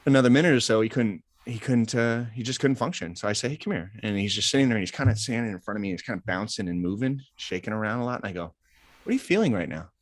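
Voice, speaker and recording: A man's voice: on the low side, very fast, few pauses, no room sound. A man, a life coach telling stories in a casual interview and acting out the dialogue. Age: 40s. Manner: animated storyteller acting out quoted dialogue. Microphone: close podcast mic.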